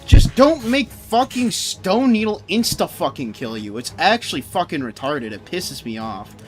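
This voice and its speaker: A man's voice: high-pitched, sing-song, normal speed, soft background music. A young man streaming a game, ranting angrily and sarcastically with lots of swearing. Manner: angry profane ranting, sarcastic. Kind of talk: live game stream rant.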